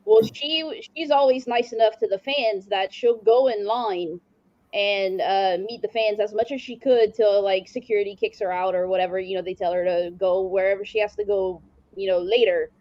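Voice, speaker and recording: A woman's voice: mid-range voice, moderate pace, dull audio. A woman hosting a casual interview, telling rambling stories and laughing often. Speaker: host. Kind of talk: casual chat.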